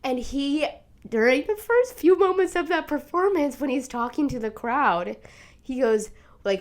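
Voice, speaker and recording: A young woman talking casually on her own show, with a slightly high voice that jumps around a lot. She swears freely and gets emotional. Her laughs crack into near crying, and her voice goes loud and shrill in the excited bits. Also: takes it slowly. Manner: emotional, swearing, laughing through tears, animated. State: sick, tearful. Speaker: podcast host. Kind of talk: casual monologue.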